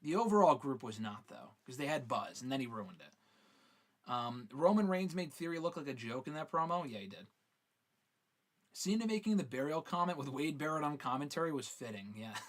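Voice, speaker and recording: A man's voice: mid-range voice, lively intonation, a little fast. A man hosting a live fan-question show in casual, swearing chat, reading viewer questions aloud and answering them.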